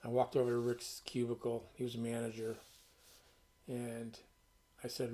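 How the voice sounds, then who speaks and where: A man's voice: mid-range voice, completely flat delivery, normal speed, mellow. A man hosting his own channel, telling stories to the camera in a casual, rambling way with many restarts. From Connecticut. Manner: rambling, conversational storyteller with restarts. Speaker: channel host.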